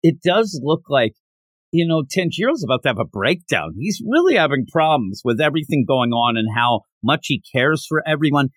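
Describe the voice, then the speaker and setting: A man co-hosting a casual manga discussion podcast, retelling scenes in an animated way and acting out the characters' lines. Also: fairly high pitch, moderate pace, no echo. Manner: animated retelling with acted-out quotes. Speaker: podcast co-host.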